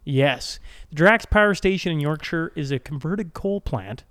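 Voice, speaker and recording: A man with a fairly high voice that leaps up and down as he talks. He co-hosts a casual podcast and rants with playful, mock-exasperated outrage, cursing freely as he reads out news items. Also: moderate pace. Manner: animated, mock-exasperated, swearing. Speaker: podcast co-host. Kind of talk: casual chat.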